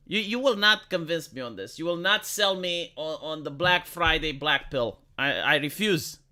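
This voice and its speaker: A very bright, sharp voice that swings widely in pitch. This live streamer rants in a profane, rambling way and often breaks into laughter at their own points. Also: animated, moderate pace. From lives in Romania. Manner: profane, heated, rambling rant. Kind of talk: ranting live-stream commentary.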